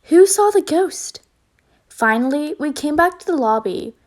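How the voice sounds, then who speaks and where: A woman reading a children's storybook aloud in an expressive, lively way. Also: high voice, measured pace.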